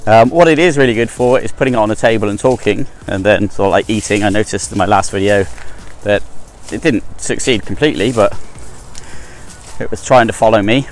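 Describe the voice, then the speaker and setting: A middle-aged man, chatting as he vlogs a walk along an overgrown hillside path and filming on a handheld phone, full of self-deprecating asides. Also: lowish voice. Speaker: travel vlogger. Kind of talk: casual walking vlog. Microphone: handheld phone camera without gimbal.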